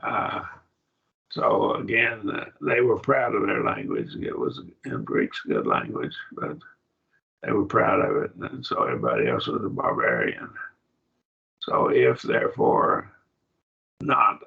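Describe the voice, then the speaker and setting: Bible class teacher, male, gravelly and breathy, lower voice, dull lo-fi sound, halting delivery. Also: big pitch swings. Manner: halting, thinks aloud with restarts. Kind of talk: Bible study lesson on Greek text. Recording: dull lo-fi recording.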